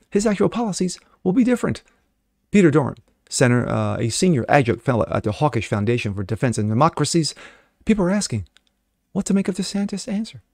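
A man's voice: medium pitch, creaky, darkish tone, dry recording, studio quality. A man reading political news articles aloud and breaking in with mocking, sarcastic asides. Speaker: political commentary host.

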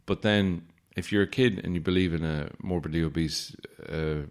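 A deep-voiced man in his late twenties or thirties hosts a podcast, keeping a steady tone and moderate pace. His casual storytelling monologue leans wry and sarcastic, with mock-formal asides.

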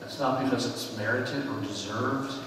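A man preaching a conversational sermon in a church sanctuary, telling personal stories earnestly and letting his phrases fall softly at the ends. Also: medium pitch, normal speed, background noise. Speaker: pastor. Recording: echoey sanctuary with long reverb, far from the mic.

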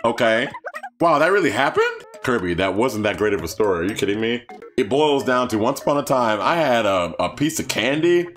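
A playful man with a bouncy, expressive voice that swoops up and down as he jokes through a video game. Quiet game music plays behind him, and he slips into silly voices for the characters. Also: mid-range voice, a little fast. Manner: goofy, jokey, voices the game's characters. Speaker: gaming channel host. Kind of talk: let's play commentary.

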